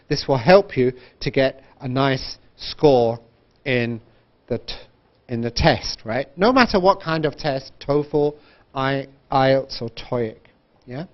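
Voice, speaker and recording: British man, somewhat high voice, teaching an exam-prep class, slow and deliberate, slightly dull recording. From Britain. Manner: slow, deliberate, drills phrases with wide intonation, checks in with "right?". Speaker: IELTS teacher. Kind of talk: online English lesson.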